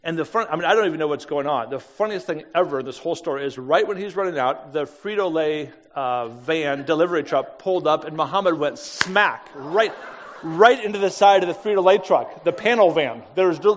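A man, an evangelist, telling a story in a lively, self-deprecating, conversational way and acting out the voices of the people in it. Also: a little high, a little fast, big-room sound. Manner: animated, acts out the voices of people in his story. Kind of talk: storytelling to an audience.

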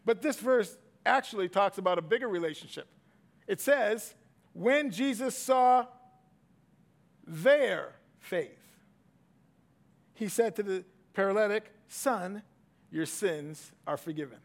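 A middle-aged man preaching a sermon, swinging from loud emphatic bursts to hushed asides. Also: sits high, animated, slow pace, long pauses. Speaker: pastor.

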